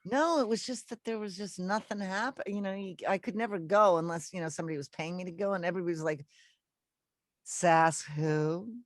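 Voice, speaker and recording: A woman's voice: medium pitch, fast talker, hardly any pauses, dry recording. A woman from Canada, a singer and guest, chatting casually and laughing over a video call. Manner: laughing, chatty, self-deprecating.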